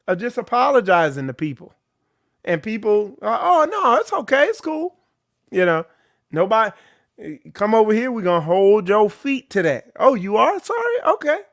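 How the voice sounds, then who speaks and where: A man's voice: high-pitched, fairly bright tone, dry recording, clean studio sound. A man leading an informal ministry talk, preaching bluntly and with animation. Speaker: ministry leader. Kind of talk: informal sermon.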